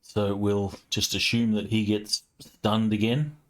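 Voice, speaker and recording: A man with a very deep voice serves as game master for a tabletop session. He narrates in a relaxed, chatty way, with plenty of ums and loose phrasing. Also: slow. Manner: relaxed, conversational, with frequent fillers.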